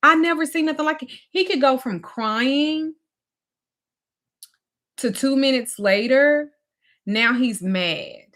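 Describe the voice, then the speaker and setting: A woman spiritual teacher candidly telling a personal story in a teaching talk, emphatic and frank. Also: medium pitch. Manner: candid, emphatic, swings from animated to drained. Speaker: spiritual teacher and life coach.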